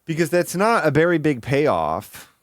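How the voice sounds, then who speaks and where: A man's voice: on the high side, big pitch swings, measured pace, very noisy. A man streaming casual reaction commentary, puzzling aloud over jokes and picking them apart.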